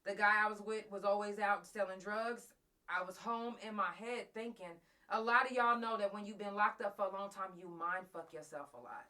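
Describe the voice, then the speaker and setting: With a medium-pitched, pushed and bright voice, a talk show host speaks live at a moderate pace with fairly even intonation. Close to crying, she addresses her audience directly, sharing an emotional personal story laced with profanity.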